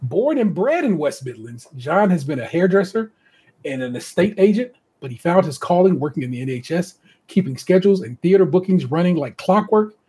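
Chatty American male podcast host with a raspy, fairly high voice who reads bios with lively asides. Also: brisk. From United States. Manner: chatty and animated, laughs often, many asides. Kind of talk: casual chat, reading contestant bios aloud.

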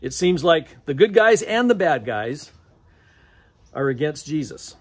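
Husky-voiced American pastor preaching. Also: male voice, a little high, sing-song, measured pace. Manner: conversational, chuckles often between phrases. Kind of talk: sermon. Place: church sanctuary.

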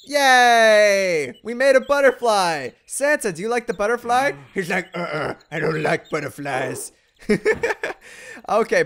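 A young man hosting a let's play, reacting animatedly and goofily, often laughing as he clicks through a game. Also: sits high. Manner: animated and goofy, often laughing and doing silly voices for characters. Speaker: gaming video host.

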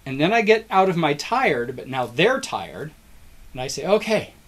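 A man's voice: fairly high pitch, normal speed. A man giving a recorded biology lecture, explaining step by step and acting out a crowd doing the wave, encouraging to his students. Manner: animated, acts out cheering crowd voices in examples.

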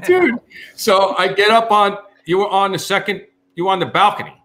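A middle-aged man hosting a podcast. He tells a firehouse story in an animated way, acting out quotes and swearing casually. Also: sits high, moderate pace, crowd noise. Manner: animated, acts out quotes, swears, many fillers. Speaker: podcast host, firefighter.

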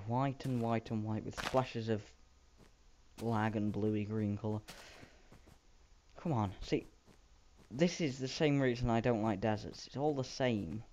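A man's voice: on the low side, takes it slowly, pauses often, darkish tone. A man rambling through casual, self-mocking gameplay commentary. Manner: rambling, self-mocking, playful sound effects. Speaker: Minecraft let's player. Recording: dull lo-fi home mic with faint hiss.

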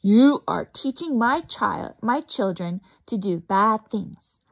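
A stern storybook mother bird who scolds in a loud, firm voice, played by a woman teacher. The voice is husky and gravelly, with lively swings in pitch. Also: slow pace, full character voice. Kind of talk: picture-book read-aloud.

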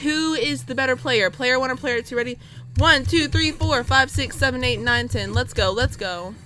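A young woman giving excitable gameplay commentary, shouting and groaning as she plays. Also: high-pitched, normal speed, soft background music. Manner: shouts and wails at losses, excitable. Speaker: gaming video host.

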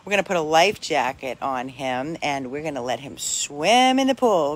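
An older dog rescuer chatting at home while playing with a puppy, breaking into high coaxing calls to the dog. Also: lively intonation, normal speed. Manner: talks to the dog in high coaxing calls between plain remarks. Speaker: dog rescuer showing a dog for adoption. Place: home with a dog, in hot weather.

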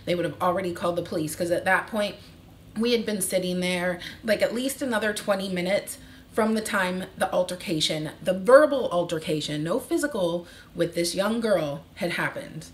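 Animated woman in her thirties, casual storytime vlog, slightly low voice, faint room noise. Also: normal speed. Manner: animated, acts out quoted voices. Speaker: vlogger.

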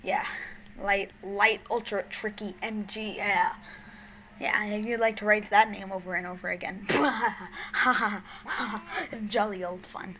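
A young woman giving gameplay commentary on her own channel, excitable, shrieking and giggling, then dropping to mumbled whispers. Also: medium pitch, slow, a little hiss or hum, low-quality recording. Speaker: gaming YouTuber.

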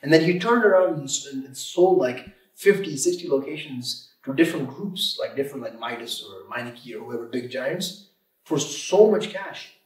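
A man's voice: mid-range voice, animated, normal speed. A man in his thirties, an auto shop owner and guest, talking emphatically in a casual podcast interview and repeating himself as he goes. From Michigan, USA. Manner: emphatic, repeats words, restarts often. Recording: roomy room, distant mic.

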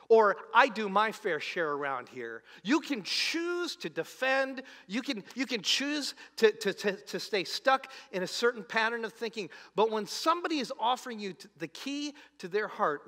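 A man preaching a sermon as pastor, animated, swinging from loud emphasis to soft, low asides. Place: church auditorium. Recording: long hall reverb.

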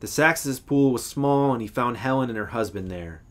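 A man, an English professor, reading a literary short story aloud in a measured, expressive way, now and then correcting himself. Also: mid-range voice.

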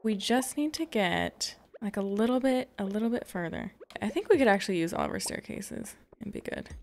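A woman's voice: medium pitch, big pitch swings, a little fast, darkish tone. A woman giving casual let's-play commentary, chatty and self-deprecating, with frequent exclamations. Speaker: gaming YouTuber. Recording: faint background game music.

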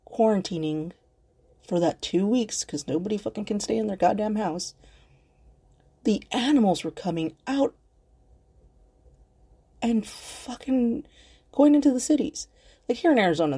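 A woman talking on her own podcast in loose, rambling casual chat, swearing freely and earnest about what she says. Her voice sits a little low and sounds husky and mellow. She talks from her computer at home. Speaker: podcast host.

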